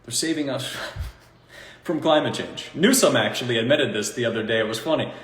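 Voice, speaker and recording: A man talking in a casual, rambling monologue, animated and mocking, often breaking into laughter at his own points. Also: medium pitch, a little fast. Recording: echoey room with long reverb.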